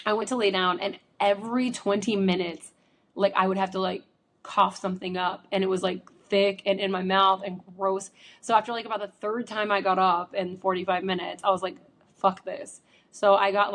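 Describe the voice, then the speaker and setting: A woman's voice: mid-range voice, a bit bright. A woman who is sick, hosting a casual solo podcast from home into a microphone, chatty and rambling with many fillers. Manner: chatty, rambling, lots of likes and ums. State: sick with a chesty cough. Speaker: podcast host. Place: home room. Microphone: studio microphone.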